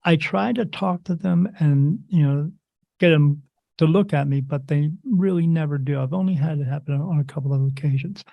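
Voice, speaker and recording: A man's voice: a little high, moderate pace, vocal fry, dry recording, dull audio. A man who is a guest on a podcast, chatting casually and telling stories in a rambling way, often restarting his sentences and acting out what others say. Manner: animated storyteller who acts out the voices of others in his stories. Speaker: podcast guest, spirit medium. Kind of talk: casual interview chat.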